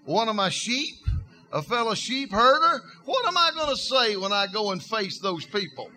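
A man's voice: high voice, sing-song, moderate pace, sharp tone, faint music behind, heavily acted. A man preacher voicing a nervous shepherd who stutters while making excuses. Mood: anxious.

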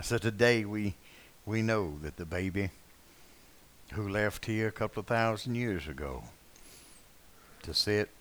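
An older man preaching a sermon, telling rambling anecdotes full of uh fillers and swinging between loud and soft passages. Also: fairly low pitch. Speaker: pastor. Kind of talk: sermon with folksy storytelling.

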